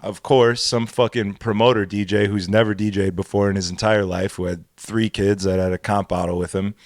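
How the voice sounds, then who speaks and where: A man co-hosting a podcast, telling a profane, animated story in casual chat. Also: fairly low pitch, fairly quick, dry recording, clean studio sound. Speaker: podcast co-host.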